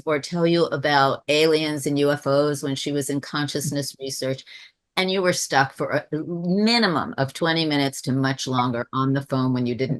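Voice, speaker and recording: Low-voiced woman telling a spiritual story. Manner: reflective, spiritual, rambling with restarts. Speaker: webinar speaker. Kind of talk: personal storytelling on a webinar. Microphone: video call.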